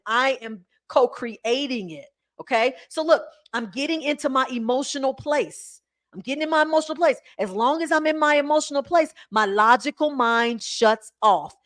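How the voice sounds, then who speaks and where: A woman hosting a live spiritual talk, preaching to her listeners in an animated, coaxing way. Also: fairly high pitch. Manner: preachy, animated, addresses listeners as y'all and baby. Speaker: spiritual livestream host. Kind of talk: spiritual teaching to a live audience.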